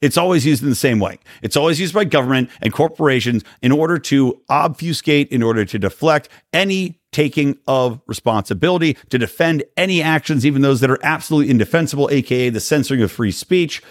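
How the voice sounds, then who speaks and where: A man's voice: medium pitch, expressive, quick pace, hardly any pauses, dry recording, studio quality. A man hosting an opinionated solo commentary show, talking in a sarcastic, emphatic way with occasional swearing. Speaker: political commentary host.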